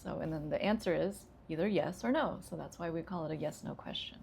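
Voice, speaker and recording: A woman ESL teacher, calmly explaining English intonation with frequent fillers. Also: sits low, creaky, a little hiss or hum. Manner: relaxed, explains slowly with many fillers.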